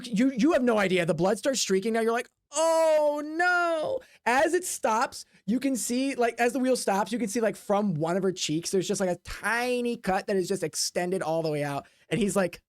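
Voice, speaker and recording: Dry, close, rambling game-master streamer. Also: male voice, high-pitched, no echo. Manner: rambling, filler-heavy narration with quick voiced asides. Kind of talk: narrating a tabletop game on a live stream.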